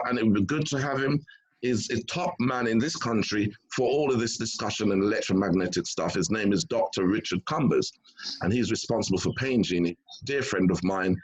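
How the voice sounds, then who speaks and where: A man's voice: medium pitch, breathy edge, poor audio. A man speaking as a doctor on a health panel, talking with emphasis, often repeating words as he starts sentences and acting out the people he quotes. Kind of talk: animated panel talk.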